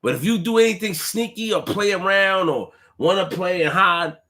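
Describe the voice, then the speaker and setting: A young man talking casually to his stream audience, full of street slang and repetition, swinging from quiet, low remarks to loud outbursts. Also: moderate pace. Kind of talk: casual live-stream rant.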